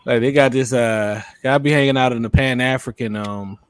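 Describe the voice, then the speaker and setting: A man's voice: medium pitch, steady tone, moderate pace, clean tone. A laid-back man talking slang in a casual group chat. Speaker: panelist.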